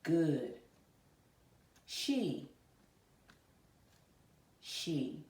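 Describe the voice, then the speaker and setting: A woman with a deep, slightly mellow voice speaks at a normal pace, teaching a virtual class of kindergartners and first graders. She encourages the children and asks them questions directly. The classroom sounds echoey, and she is a little far from the mic.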